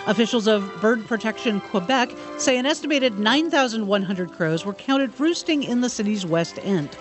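A man co-hosting a radio show, reading news items and chatting with halting restarts. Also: high-pitched, expressive, music in the background. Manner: halting, stumbling restarts in chat.

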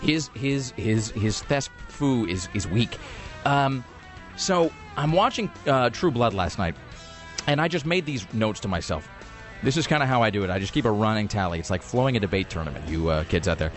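A man's voice: on the low side, lively intonation, moderate pace, soft background music. A man hosting a podcast, rambling sarcastically in casual chat about a TV show. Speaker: podcast host reviewing TV.

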